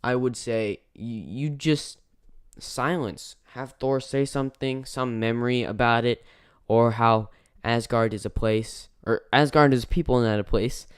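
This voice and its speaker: Male reviewer, casual and rambling, smooth clear voice, dry close recording. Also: mid-range voice, measured pace, no room sound. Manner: rambling, self-correcting, lots of fillers. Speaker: movie reviewer. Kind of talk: casual spoken movie review.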